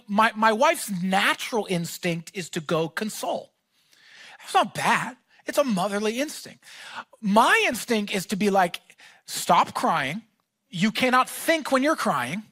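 A man preaching a sermon as pastor, talking in a casual, animated way that rises to shouts. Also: sits high, no room sound.

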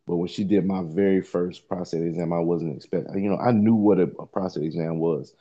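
Mellow low-voiced man telling a story. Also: fairly even intonation, a little fast, highs cut off. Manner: rambling, profane storytelling with many fillers. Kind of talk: casual comedic chat.

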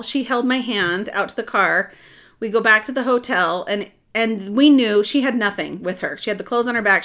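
A middle-aged woman telling a personal story in casual chat, animated and rambling, with restarts. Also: mid-range voice. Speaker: adoptive mother telling her story.

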